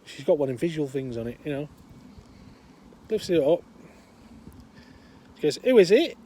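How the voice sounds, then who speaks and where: A man's voice: fairly high pitch, measured pace, warm tone. An older man with a chatty, meandering manner, telling a long joke outdoors. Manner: meandering, chatty, many fillers. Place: outdoors, windy.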